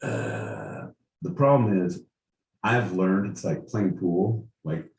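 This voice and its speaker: Man, casual podcast co-host, a bit drunk and rowdy, drawn-out lively delivery, roomy sound. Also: low-pitched, vocal fry. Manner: rowdy, tipsy, joking, swearing. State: tipsy. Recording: roomy echo, faint noise.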